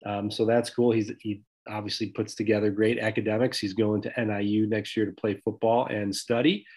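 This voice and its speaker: A man's voice: fairly low pitch, level tone, a little fast, darkish tone. A man co-hosting a local sports podcast, talking in a loose, conversational way with many fillers. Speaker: podcast co-host. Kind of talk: casual sports podcast chat.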